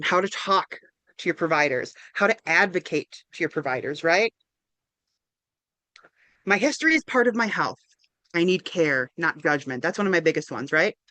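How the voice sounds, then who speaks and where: This counselor and presenter has a fairly low, slightly bright voice, recorded dry through a video call. She leads an interactive online workshop in an upbeat, encouraging way, regularly checking in with "right?".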